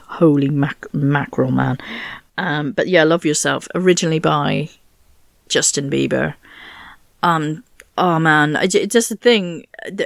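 A woman's voice: lowish voice, no echo, studio quality. A woman radio DJ chatting casually and rambling between songs, with self-mocking, playful asides.

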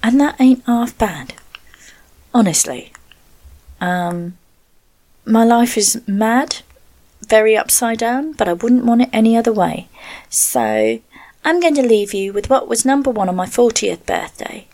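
A woman's voice: fairly high pitch, expressive, a little slow, pauses often, darkish tone. A woman, hosting an online radio show in a rambling, playful chat.

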